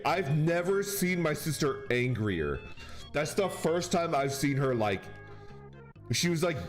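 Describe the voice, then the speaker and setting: A man's voice: fairly high pitch, big pitch swings, a little slow. A man streaming and chatting casually with viewers, telling a rambling story and laughing often. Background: faint background music.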